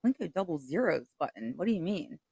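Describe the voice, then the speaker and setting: A woman's voice: on the low side, sing-song, quick pace, creaky, dark tone, slightly rough, no room sound. A woman co-hosting a sports podcast, teasing her partner and reading listener comments aloud. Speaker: podcast co-host. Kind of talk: casual sports chat.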